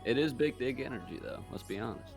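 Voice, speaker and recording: A man's voice: mid-range voice, lively intonation, fast, soft background music. A man co-hosting a live stream, joking around in laid-back casual chat. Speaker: stream co-host.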